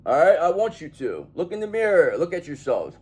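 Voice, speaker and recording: A man's voice: on the high side, wildly swooping pitch, brisk, husky. A man giving a tarot reading in an emphatic, profane manner, often checking in with "okay?". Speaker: tarot reader.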